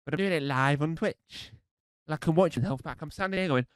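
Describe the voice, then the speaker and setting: A man's voice: a little high, fairly quick, clear, resonant tone, no room sound, rough recording. A man with a cold doing a rambling, self-deprecating live stand-up set. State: has a cold. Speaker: stand-up comedian.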